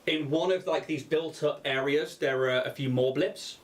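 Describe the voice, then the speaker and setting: A man's voice: on the high side, normal speed. A man narrating a tabletop game as game master, rambling and often laughing.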